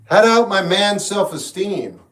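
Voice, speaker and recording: A man hosting a livestream, answering chat questions in a relaxed, frank, musing way. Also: sits high, unhurried. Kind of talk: casual live chat. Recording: echoey room, mic at a distance. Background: guitar music in the background.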